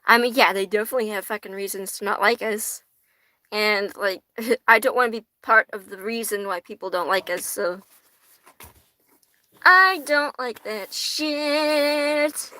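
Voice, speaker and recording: A woman's voice: mid-range voice, fairly even intonation, a little fast, sharp tone, no room sound. A young woman from the US hosting a casual livestream, chatting with viewers, swearing freely and laughing often. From United States. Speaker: tarot livestream host. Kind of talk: casual livestream chat reading viewer comments.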